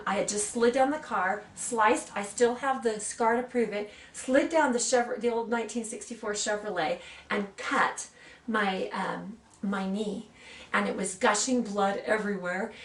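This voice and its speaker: A woman in her sixties, an aromatherapy practitioner, who gently demonstrates oils and tells personal stories in a soft, earnest way. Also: mid-range voice. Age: 60s. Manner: soft, earnest, reads blessings slowly. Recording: roomy sound from a distant mic, faint ambience.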